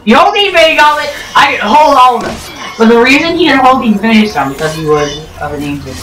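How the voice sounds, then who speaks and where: A woman giving rambling, joking commentary over gameplay, full of ums and restarts and sudden jumps in pitch. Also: animated, fast, fairly bright tone. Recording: roomy echo, distant mic, faint game music.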